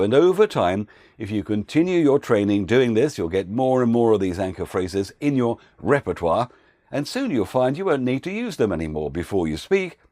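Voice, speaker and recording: A man who works as a voiceover coach, giving an instructional talk with clear, patient explanations. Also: mid-range voice, a little mellow, no echo, studio quality.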